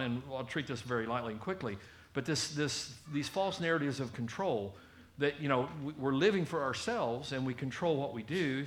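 Conversational preacher in an echoey room. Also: male voice, mid-range voice. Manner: conversational, animated, acts out quotes. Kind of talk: sermon.

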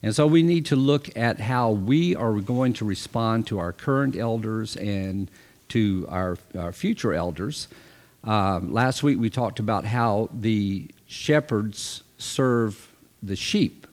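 A man's voice: lowish voice, lively intonation, slow pace, darkish tone, in a large hall. A middle-aged man preaching an informal sermon, talking conversationally with fillers and restarts, and reading scripture passages with rising emphasis.

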